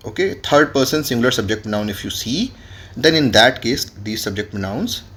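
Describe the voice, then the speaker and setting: A man's voice: mid-range voice, lively intonation, fairly quick, fairly bright tone. A man, teaching French grammar in a classroom lesson and spelling words out letter by letter. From India.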